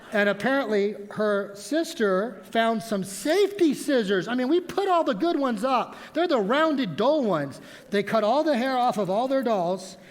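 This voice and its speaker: High-voiced male pastor preaching. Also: slight background noise. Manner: animated storytelling with props. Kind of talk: sermon. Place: church sanctuary. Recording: long reverb of a church hall.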